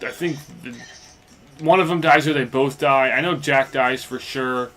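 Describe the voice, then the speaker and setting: A young man with a mid-range, sharp-toned voice speaks at normal speed as he plays a game and casually recaps a story. The let's play commentator wanders loosely from point to point, using plenty of fillers like "basically" and "like."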